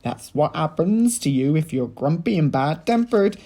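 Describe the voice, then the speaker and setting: Guy doing a grinning pleased husband voice, a bit raised, gravelly. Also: fairly high pitch, very animated, normal speed, mellow, pitched above the performer's own voice. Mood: gleeful. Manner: smug, pleased, slightly raised voice. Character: gleeful grinning middle-aged farmer husband.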